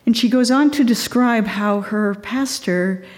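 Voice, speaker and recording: A woman retelling a true story in an earnest, measured way. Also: fairly high pitch, darkish tone, long reverb tail. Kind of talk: storytelling talk.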